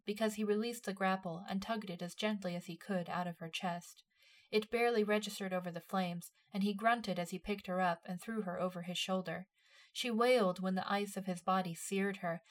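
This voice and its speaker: Casting: woman narrator, mid-pitched, measured expressive storytelling. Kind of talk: storytelling narration of fan fiction.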